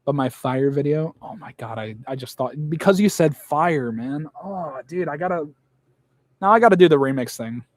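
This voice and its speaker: A man's voice: on the high side, animated, normal speed, no room sound. A young man in casual chat, blunt and rambling, swearing often.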